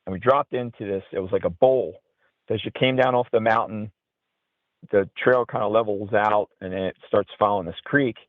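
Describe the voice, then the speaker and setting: A man's voice: lowish voice, fairly quick, no echo. A man telling a story as an interview guest, rambling along with lots of "you know". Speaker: guest, outdoorsman and paranormal investigator. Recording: tinny phone-like line.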